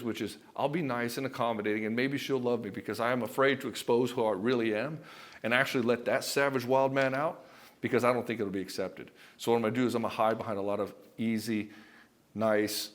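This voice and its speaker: A man with a mid-range voice speaks as a relationship coach, blunt and emphatic. He swears casually, tells stories from his own life, and calls the listener brother. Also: mid-range voice. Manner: addresses the viewer as brother; tells personal anecdotes. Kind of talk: direct-to-camera coaching talk.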